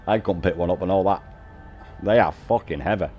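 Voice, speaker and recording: Sweary northern streamer. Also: male voice, low-pitched, brisk, highs cut off, soft background music. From North West England. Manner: swears constantly, laughs often, banters with chat. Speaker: game streamer. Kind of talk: casual stream chat.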